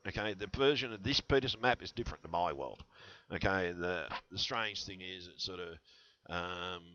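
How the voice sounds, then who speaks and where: A man's voice: sits low, normal speed, pushed and bright. A man rambling to his viewers in a conspiratorial vlog monologue, full of fillers and restarts, on a headset mic. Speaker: vlogger. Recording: dull lo-fi headset audio.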